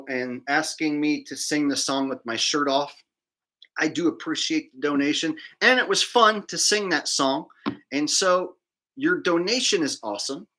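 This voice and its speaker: A man's voice: on the high side, bright, forceful tone. A man hosting a livestream, chatting casually, rambling and mocking, laughing at his own jokes. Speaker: livestream host.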